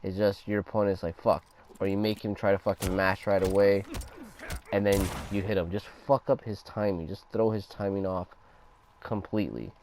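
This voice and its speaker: Young man, low-pitched voice, casual swearing game tutorial, faint hiss behind. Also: little pitch movement, normal speed, darkish tone. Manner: profane, loose and conversational, talks over gameplay. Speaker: gaming guide creator. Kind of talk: casual gameplay tutorial commentary.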